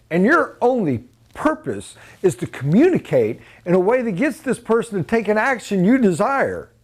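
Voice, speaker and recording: Animated, emphatic male sales trainer. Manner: animated and emphatic, with sudden loud high bursts; blunt and informal.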